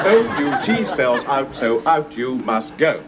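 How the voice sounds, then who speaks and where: Sitcom lead: fussy English writer, lively and lightly high, hissy old broadcast audio. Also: male voice. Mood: coaxing. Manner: fussy and self-amused. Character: fussy, chatty English male writer, a dog lover. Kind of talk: 1970s sitcom acting.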